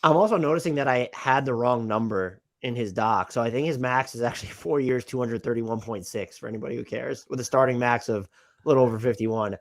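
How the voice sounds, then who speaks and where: A man's voice: mid-range voice, fairly quick. A man co-hosting a casual basketball podcast, asking questions in a conversational, hedging way. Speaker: podcast co-host. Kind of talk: casual basketball analysis chat.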